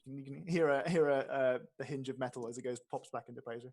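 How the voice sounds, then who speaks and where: A man running a tabletop game, describing the scene at length with many pauses and restarts. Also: mid-range voice, darkish tone. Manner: descriptive, with frequent fillers and restarts. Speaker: game master.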